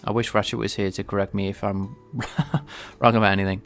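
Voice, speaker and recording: A man talking through his coding on a casual livestream, pausing and restarting as he thinks aloud. His voice sits low with a gravelly fry, and faint music plays underneath. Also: flat delivery. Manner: thinking aloud, halting, many restarts and fillers. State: sneezing, a bit stuffy. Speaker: livestreaming game developer.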